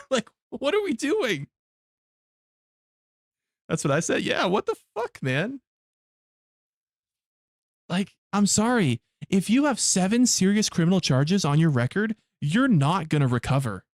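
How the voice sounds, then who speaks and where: Guy ranting to his stream chat, swears a ton, kinda high voice, dry no room sound. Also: very animated, a little slow, pauses often, no room sound. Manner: blunt, profane ranting to chat. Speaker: live game streamer. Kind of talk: casual live-stream chat.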